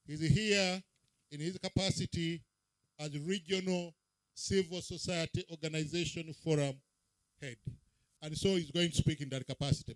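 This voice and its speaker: Emceeing an outdoor public event, a man calls out names in a roll call with punchy, rising emphasis as if to a crowd. His voice is a little high, captured dry and close on a handheld mic with no room sound.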